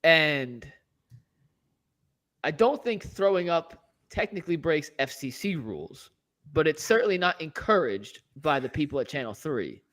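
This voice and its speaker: A man's voice: a little high, big pitch swings, unhurried, a bit bright. A man co-hosting a sports talk show, telling stories in casual studio chat. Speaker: co-host.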